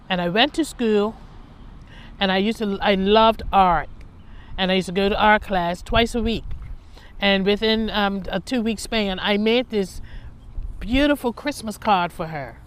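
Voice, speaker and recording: A woman's voice: medium pitch, measured pace, pauses often, clean tone. A woman telling her own life story in a candid, conversational way, reflecting on her past and laughing at herself.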